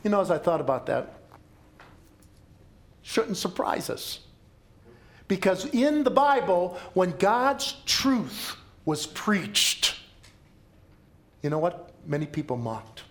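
A man's voice: sits high, very animated, takes it slowly, long pauses. Man preaching a dramatic sermon. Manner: dramatic storytelling with emphatic repetition. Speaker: pastor.

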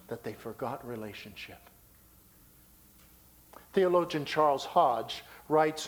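A man preaching a sermon as pastor of his church. He delivers loud declarations and drops into hushed asides. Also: mid-range voice, expressive, slow, pauses often.

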